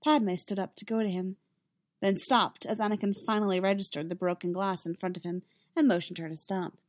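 A woman reading a story aloud in an even, unhurried narration. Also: medium pitch, no room sound, clean studio sound. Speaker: reader. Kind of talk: reading fan fiction aloud.

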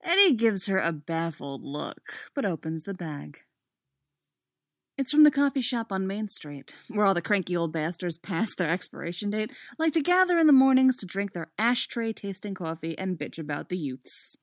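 A woman reading a story aloud with a lively, animated pitch. She is expressive and drops softly on the narration tags. The recording is dry and close, with no room sound. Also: moderate pace, no room sound.

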